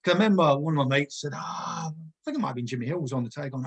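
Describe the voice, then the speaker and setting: A man's voice: a little high, expressive, racing, vocal fry, breathy edge. A man, a former footballer telling rambling anecdotes in a casual chat. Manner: rambling anecdotes, digresses, laughs often.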